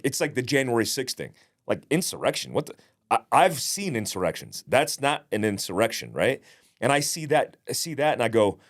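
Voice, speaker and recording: A man co-hosting a podcast, telling stories in a blunt, profane, casual way. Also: medium pitch. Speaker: podcast co-host.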